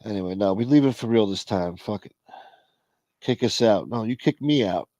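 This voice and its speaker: A man's voice: lowish voice, normal speed, warm tone, dry recording. A man hosting a live stream, chatting casually with viewers and telling a rambling, profane story.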